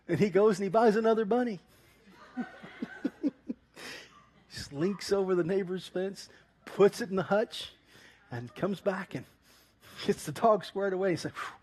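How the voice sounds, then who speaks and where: A man pastor preaching an animated sermon, telling a story and laughing often. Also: high voice. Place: church.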